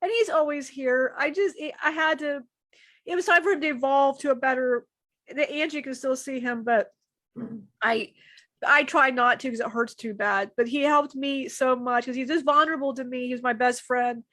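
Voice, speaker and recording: A woman's voice: high voice, normal speed, fairly bright tone, no room sound. A woman co-hosting a live stream, sharing personal struggles in a rambling, emotional way, often restarting sentences and swearing casually. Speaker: channeler co-host.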